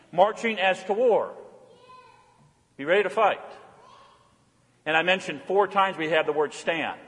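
High-voiced preaching man in reverberant hall. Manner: emphatic preaching, repetitive cadence, drops to quiet intensity. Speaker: pastor. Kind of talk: sermon.

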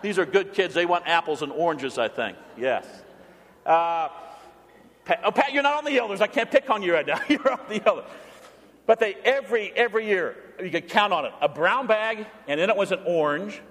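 Guy pastor giving a sermon, lively, keeps asking the church questions, big echoey hall. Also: high-pitched, fairly quick. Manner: animated, asks the congregation questions. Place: church sanctuary.

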